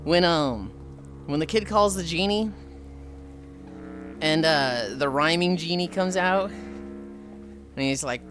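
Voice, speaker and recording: A young woman livestreamer chatting casually, animated, swearing freely and acting out quotes. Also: low-pitched, takes it slowly, pauses often, over music. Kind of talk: casual chat.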